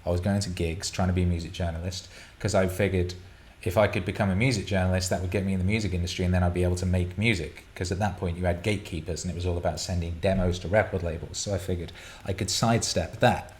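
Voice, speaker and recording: A man's voice: low voice, steady tone, fast, hardly any pauses, darkish tone. A man hosting a show, answering listener questions in a casual, rambling way, swearing freely and restarting his sentences often.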